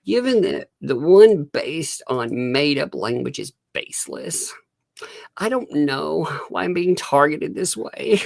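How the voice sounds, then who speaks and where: A man's voice: a little high, sing-song, slow, vocal fry, a little mellow, dry recording, studio quality. A man hosting a casual live-stream commentary from home, reading documents aloud and laughing often. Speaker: host.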